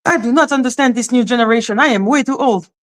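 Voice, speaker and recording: An adult woman, a former high school teacher, hosts a casual live stream and bluntly scolds her chat, swearing as she goes. She talks at a quick pace, lurching between high exclamations and low asides.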